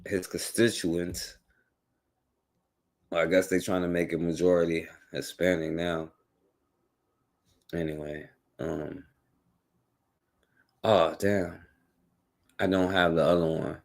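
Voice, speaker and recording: A man with a lowish voice hosts a talk radio show. He comments on politics casually and keeps tossing rhetorical questions at the listener. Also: little pitch movement, takes it slowly, creaky, long pauses. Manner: conversational, rhetorical, many "right?" and "you know what I'm saying".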